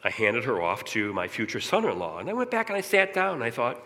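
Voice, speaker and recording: A middle-aged man giving an earnest personal testimony in church, often clearing his throat as he talks. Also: medium pitch, wildly swooping pitch, fast talker, bright, forceful tone. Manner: earnest, candid storytelling. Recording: long reverb of a large hall.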